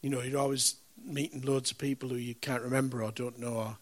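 A man preaching a sermon, telling a story in a conversational way that swings from loud, punchy lines to hushed, reverent moments. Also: mid-range voice, level tone, fairly quick.

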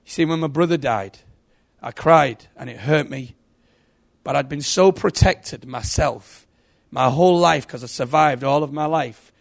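A middle-aged man giving an emotional sermon testimony, telling stories and swinging from hushed to loud. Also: a little high, creaky. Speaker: preacher.

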